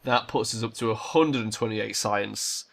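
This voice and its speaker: A man's voice: lowish voice, moderate pace, vocal fry, a bit bright, slight background noise. A man hosting a strategy game let's play, casually thinking aloud and swearing now and then. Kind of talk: gameplay commentary.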